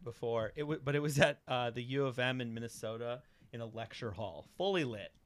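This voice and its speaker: A man, a comedian in a casual chat, who talks excitedly and laughs often. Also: mid-range voice, brisk. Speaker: comedian guest.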